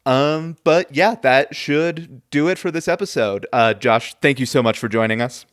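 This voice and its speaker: A man's voice: mid-range voice, moderate pace. A man hosting a podcast in casual chat, hesitant and full of filler sounds, chuckling often. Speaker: podcast host.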